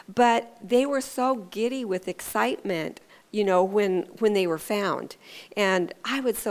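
Earnest woman giving a casual devotional. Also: mid-range voice. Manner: earnest and conversational, with hesitant restarts. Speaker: devotional speaker. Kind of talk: informal devotional sermon.

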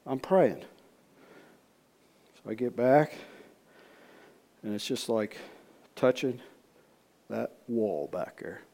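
A man preaching in a storytelling way, folksy and repetitive, swinging from loud re-enactment to hushed asides. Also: mid-range voice, expressive, slow pace, vocal fry, pauses often. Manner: repeats words, folksy speech. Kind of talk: storytelling sermon.

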